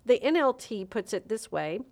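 A woman's voice: on the high side, very animated, normal speed, darkish tone. A woman co-hosting a faith podcast who reads scripture aloud with earnest, building emphasis. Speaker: podcast co-host and coach.

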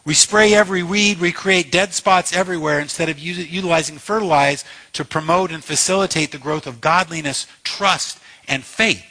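Impassioned husky-voiced male preacher. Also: a little high, fairly even intonation, moderate pace, few pauses, bright, forceful tone. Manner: impassioned, emphatic preaching with repeated phrases. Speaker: pastor. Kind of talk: sermon.

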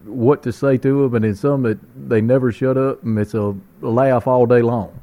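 A man with a North Louisiana country accent hosts a relaxed conversation. His voice is mellow and warm, and he laughs easily while he spins his stories. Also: mid-range voice, moderate pace. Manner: chatty, laughing storyteller. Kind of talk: casual chat.

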